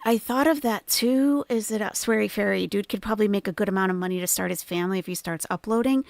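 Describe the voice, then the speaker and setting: A young adult woman hosting casual reaction commentary, sarcastic and quick to laugh. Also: mid-range voice, creaky, dry recording. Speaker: commentary channel host.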